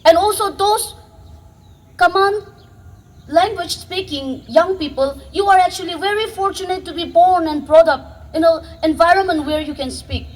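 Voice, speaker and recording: Poor audio carries the very high voice of a Northeast Indian woman vlogger speaking at normal speed. She addresses young people earnestly and with fervor, exhorting them and occasionally starting over.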